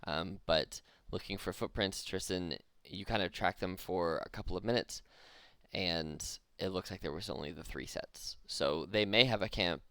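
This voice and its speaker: A very low, gravelly male game master with a smooth, resonant tone. He narrates a tabletop game in a relaxed, easygoing manner and laughs often. The sound is dry and close. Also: moderate pace, no echo.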